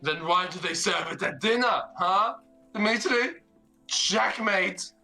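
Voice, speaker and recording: A man doing a drunk, sneering young man, pitched way up. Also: slow, creaky, music in the background, heavily acted. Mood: smug.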